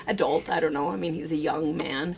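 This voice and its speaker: A woman's voice: deep voice, moderate pace, gravelly, low-quality recording. A woman co-hosting a casual chat, telling stories in a chatty way and laughing often. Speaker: co-host.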